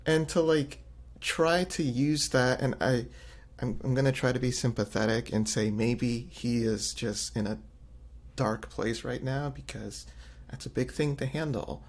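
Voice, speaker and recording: Animated man chatting on a podcast. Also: medium pitch, a little slow. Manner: animated, many fillers, acts out quotes. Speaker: podcast co-host. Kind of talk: casual chat.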